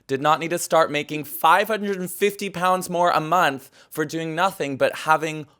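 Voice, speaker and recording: A man's voice: on the high side, normal speed, pushed and bright, clear, resonant tone. A man co-hosting a casual podcast, telling stories with lots of swearing and acted-out quotes. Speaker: podcast co-host. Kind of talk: casual chat.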